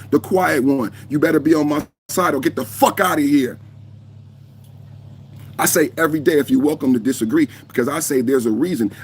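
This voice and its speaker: A man of fifty hosting a live podcast, reacting heatedly, cursing and shouting at trolls in the chat while he holds his phone. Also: a little high, a little hiss or hum. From United States. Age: 50s. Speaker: podcast host. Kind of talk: live-stream reaction talk. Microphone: phone held in hand.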